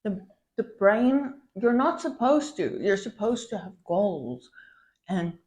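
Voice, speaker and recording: A woman content creator vents in a POV girlfriend role-play, ranting, swearing often and calling the listener babe. Her mid-range voice is very animated and slightly mellow, and she takes her time speaking.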